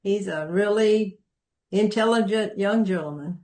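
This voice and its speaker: A woman's voice: medium pitch, measured pace, dark tone. A woman on a casual group video call, chattily retelling a conversation with her son. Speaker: caller sharing a story.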